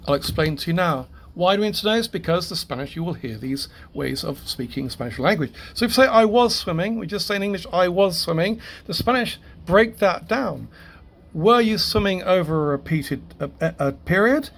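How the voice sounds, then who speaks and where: A man teaching a grammar lesson to a class, halting, repeating words and correcting himself as he goes. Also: sits high, expressive, gravelly, a bit bright.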